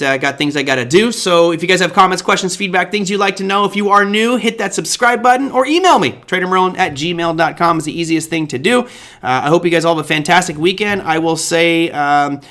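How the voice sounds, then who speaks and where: A man's voice: sits high, fast talker, pushed and bright. Casual, rambling male market-show host. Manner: casual, rambling, self-correcting with sudden exclamations. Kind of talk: live market recap talk.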